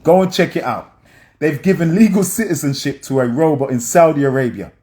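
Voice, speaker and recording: A man with a fairly high voice talks his audience through film scenes. His delivery is emphatic, almost preacher-like, and he keeps checking in with his listeners. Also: animated, brisk, a little mellow. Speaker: film commentator.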